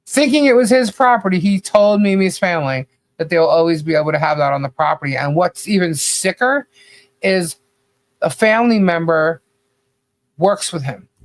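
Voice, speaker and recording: A man's voice: high-pitched, animated, moderate pace, pauses often, dry recording. A man co-hosting a podcast, delivering critical commentary in a rambling, blunt rant full of "you know" and casual swearing. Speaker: podcast co-host.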